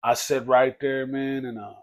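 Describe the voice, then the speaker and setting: A man telling his life story in a casual podcast conversation, talking loosely and dropping low to quote others. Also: flat delivery, a little slow. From Texas. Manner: conversational, peppers speech with "man" and "bro", drops low for quoted speech. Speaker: podcast guest.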